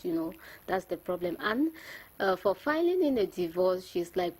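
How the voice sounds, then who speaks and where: A woman hosting a talk show, animated and laughing often, stumbling and repeating words as she talks. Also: fairly low pitch, moderate pace, low-quality recording. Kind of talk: bilingual talk show chat.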